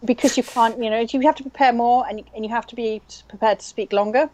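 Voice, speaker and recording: A woman's voice: on the high side, steady tone, fast talker, a little mellow. A woman co-hosting a game stream in casual chat, thinking aloud with lots of fillers. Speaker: stream co-host. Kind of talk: casual chat while playing online mahjong.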